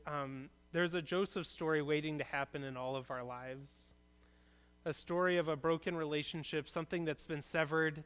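Male pastor, earnest conversational preacher, fairly high smooth voice, speaking in a church. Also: fairly bright tone. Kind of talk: sermon.

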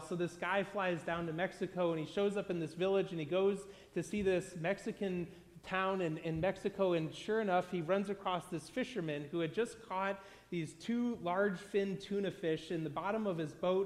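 A man from the United States, a pastor, delivering a sermon in a conversational storytelling manner with frequent restarts. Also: high voice. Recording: long hall reverb.

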